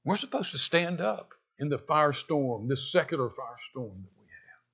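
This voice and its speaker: A man preaching a sermon, swinging between loud, emphatic lines and hushed, intense ones. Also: on the high side, sing-song, normal speed, breathy edge, highs cut off. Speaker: pastor.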